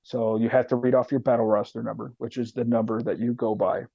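A man telling a profane, animated war story as a podcast guest. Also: mid-range voice, a little fast, vocal fry, no echo, lo-fi sound. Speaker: podcast guest, retired soldier. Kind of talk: casual storytelling.

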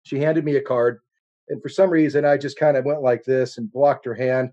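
A middle-aged man preaches with earnest conviction, his voice sitting at an ordinary pitch. He tells a personal story, rising and falling in intensity as he goes. The recording sounds a little dull and muffled. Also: fairly even intonation, moderate pace, mellow. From United States. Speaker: guest preacher. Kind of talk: sermon.

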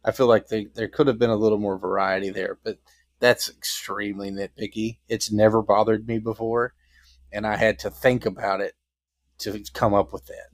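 A man's voice: lowish voice, level tone, normal speed, no echo. A man co-hosting a podcast, chatting casually about a film in a rambling way and now and then acting out lines. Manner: rambling, acts out lines in silly voices. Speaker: podcast co-host. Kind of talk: casual film review chat.

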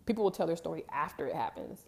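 A woman's voice: low-pitched, big pitch swings, very fast, vocal fry. A young woman, telling a personal story to her viewers in a candid, emphatic, conversational way. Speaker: vlogger. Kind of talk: casual storytelling to camera.

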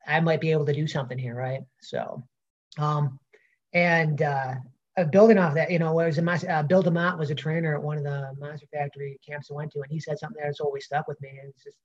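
A man's voice: a little high, steady tone, fairly quick. Man, Brooklyn accent, pro wrestler, rambling, lots of fillers, dull lo-fi sound. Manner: rambling, many fillers and restarts. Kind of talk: casual interview answers.

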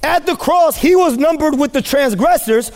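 A man with a strikingly high voice delivers a sermon to his congregation. He preaches with mounting fervor, hammering repeated phrases and climbing to shouts. A long reverb from the large church hall trails his words. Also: lively intonation, moderate pace. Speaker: pastor.

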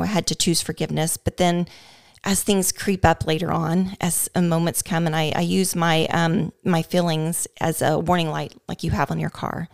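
Gravelly-voiced woman reflecting on faith. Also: on the low side, dry recording, studio quality. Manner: reflective, soft affirmations. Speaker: co-host. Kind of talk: faith talk, personal testimony.

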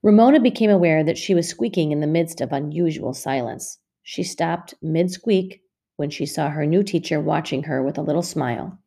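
A woman teacher reading a storybook aloud to a class of second graders, with clear, expressive pacing. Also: sits low, normal speed.

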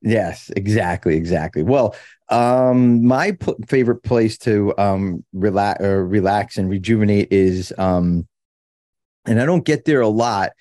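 A man's voice: on the low side, unhurried, dark tone, no room sound. Jokey male podcast host, dry sound. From New Jersey. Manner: jokey, laughs often. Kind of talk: casual chat.

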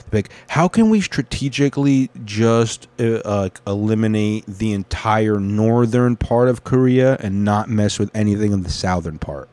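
A man hosting a solo talk show, rambling in a profane, excitable rant and reading an article aloud. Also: on the low side, dry recording. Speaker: podcast host.

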